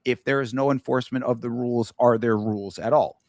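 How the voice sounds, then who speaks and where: A man's voice: mid-range voice, fairly even intonation, brisk, darkish tone, no room sound, studio quality. A man co-hosting a fight review podcast, ranting heatedly about refereeing, with emphatic restarts. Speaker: podcast co-host. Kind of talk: casual fight review chat.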